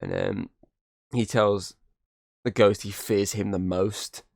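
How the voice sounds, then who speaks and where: A man's voice: on the low side, fairly even intonation, slow, vocal fry, darkish tone, no echo, clean studio sound. A man hosting a podcast, casually recapping a film and slipping into quoted lines from the characters. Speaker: podcast host.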